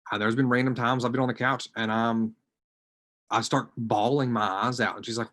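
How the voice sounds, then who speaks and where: A man with a medium-pitched, steady voice talks at a moderate pace as a social work student on an online panel. Reflecting on his personal experience, he hesitates and often lets his voice fade quietly.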